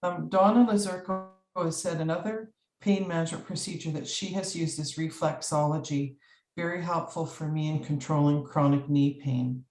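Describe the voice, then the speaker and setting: Low-voiced woman moderating, echoey room. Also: fairly even intonation, moderate pace, a little mellow, soft background music. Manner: friendly, hesitant with fillers. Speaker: session facilitator. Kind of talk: online session moderating.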